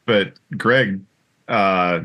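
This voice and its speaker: A man's voice: low voice, drawn-out words, muffled recording. A man from Idaho hosting a podcast, speaking in a friendly way with frequent "um"s. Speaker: podcast host.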